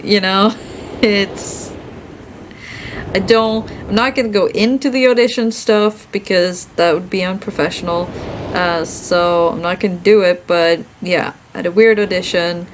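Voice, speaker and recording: A tired woman streamer who is a classical musician, chatting casually and venting in a rambling, animated way while playing a game. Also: medium pitch, measured pace, slight background noise, rough recording.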